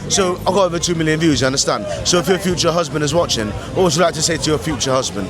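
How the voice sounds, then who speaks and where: Fast-talking slangy street interviewer, man. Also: on the high side, crowd noise. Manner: puts on an accent, slangy and boastful. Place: outdoor city festival. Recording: loud street noise outdoors.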